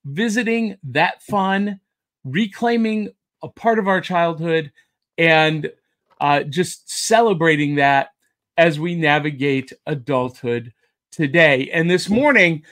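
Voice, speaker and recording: A man's voice: fairly high pitch, takes it slowly, a bit bright. A man hosting a pop culture podcast, with jokey, upbeat showman patter. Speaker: podcast host. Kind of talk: casual podcast chat.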